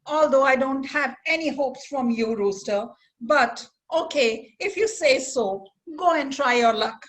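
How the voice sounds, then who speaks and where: A woman's voice: sits high, animated, unhurried, fairly bright tone. A woman voicing a worried farmer in a children's story, speaking fretfully and coaxing his animals.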